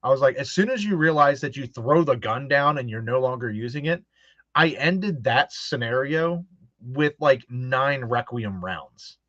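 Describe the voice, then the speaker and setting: A man's voice: mid-range voice, lively intonation, unhurried, fairly bright tone, no room sound. A man hosting a casual chat, telling stories animatedly and acting out quoted voices, with frequent laughs. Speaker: host. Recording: dull lo-fi dry sound.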